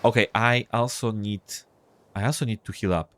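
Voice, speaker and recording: A man's voice: lowish voice, steady tone, normal speed, a bit bright. A man casually thinking aloud and reading game text while playing a role-playing game. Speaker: gameplay streamer. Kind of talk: casual let's-play commentary.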